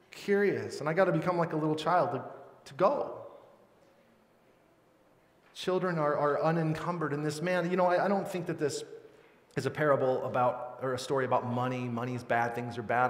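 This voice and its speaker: A middle-aged man preaching a sermon as pastor, earnest and conversational, acting out lively quoted voices. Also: medium pitch, moderate pace. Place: large church hall. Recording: roomy church hall with long reverb.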